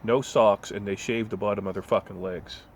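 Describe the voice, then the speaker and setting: Very deep-voiced man ranting, blunt and profane. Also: fairly even intonation, normal speed, slight background noise. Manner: blunt, swearing, storytelling with mocking voices. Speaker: vlogger. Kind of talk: profane casual rant.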